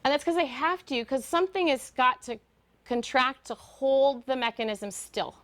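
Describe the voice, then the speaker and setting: A woman teaching singers about vocal muscles and intonation in a lively lecture, now and then singing short demonstration notes. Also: sits high, moderate pace. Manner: animated, demonstrates sung notes. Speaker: guest voice teacher. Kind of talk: lecture to a choir.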